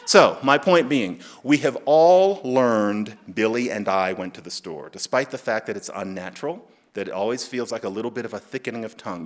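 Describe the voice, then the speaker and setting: A middle-aged man from the United States lectures to an audience in an emphatic, wry manner. His pitch sits in an ordinary middle range for a man, and he jumps into quoted phrases with lively, playful emphasis. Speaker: speaker. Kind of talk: public lecture. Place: lecture stage.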